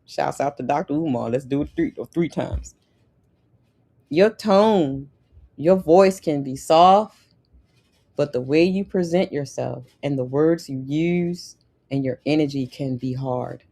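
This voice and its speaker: Woman w/ giving pep talk to the ladies, lowish voice, says things twice for emphasis. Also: unhurried, mellow. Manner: emphatic, repeats key lines, sassy asides. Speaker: lifestyle podcast host. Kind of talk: motivational talk to women.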